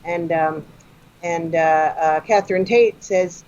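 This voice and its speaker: A woman's voice: lowish voice, takes it slowly, darkish tone. A woman guesting on a comedy podcast, chatting eagerly and explaining fan trivia. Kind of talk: casual podcast chat. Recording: dull lo-fi sound with faint noise.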